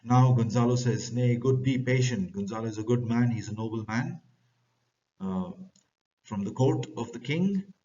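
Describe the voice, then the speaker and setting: Indian man teaching a play, distant. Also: normal speed. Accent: Indian English. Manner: reads quoted lines louder and higher, then paraphrases plainly. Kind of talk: reading and explaining a play to students. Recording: lo-fi, distant from the mic.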